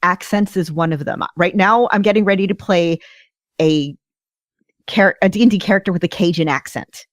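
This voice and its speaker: A woman co-hosting a fan podcast, chatting in an animated, enthusiastic way. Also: on the low side, moderate pace, no room sound, clean studio sound. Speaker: podcast co-host. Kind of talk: casual podcast chat.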